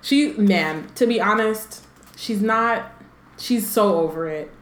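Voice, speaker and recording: A woman's voice: medium pitch, slow, reverberant. A woman co-hosting a book podcast, chatting casually and reading passages aloud, with many "like" and "um" fillers and playful asides. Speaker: podcast co-host.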